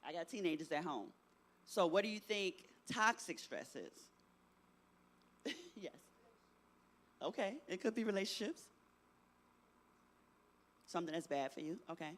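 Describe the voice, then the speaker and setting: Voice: mid-range voice, expressive, measured pace, pauses often, fairly bright tone. A middle-aged presenter giving an interactive talk to teenagers, often asking the audience questions and tagging sentences with "right?". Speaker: youth workshop presenter.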